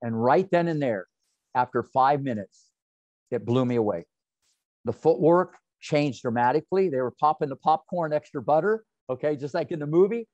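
A man in his sixties, a tennis coach, telling lively, colorful anecdotes in an interview. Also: on the high side, normal speed, no room sound. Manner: animated, colorful anecdotes with slang. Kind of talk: interview storytelling. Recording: dull, dry audio.

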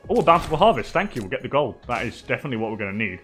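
An English man talks his way through a live strategy game, loose and conversational, breaking into laughs as he answers his viewers. His voice sits at an ordinary middle pitch. A faint bed of music runs behind him. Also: very animated, very fast, fairly bright tone. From England. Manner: chatty, laughs often, talks to chat. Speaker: streamer. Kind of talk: live gameplay commentary.

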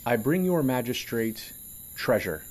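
A man's voice: mid-range voice, very animated, a little slow, darkish tone, voice pushed up. A man playing a curt, sarcastic robotic general. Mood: impatient. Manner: dry and sarcastic. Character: terse, impatient male general with a robotic voice.

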